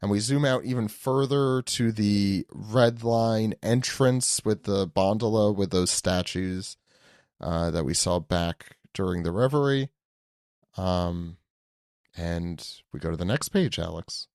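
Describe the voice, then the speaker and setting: A man's voice: on the low side, slow pace, a little mellow, dry recording, studio quality. A man hosting a podcast in casual chat, throwing in wry jokey asides.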